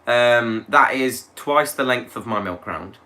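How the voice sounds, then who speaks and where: A man's voice: mid-range voice, unhurried, bright, forceful tone. A young man, co-hosting a casual live stream in a wry, slightly posh, defensive manner.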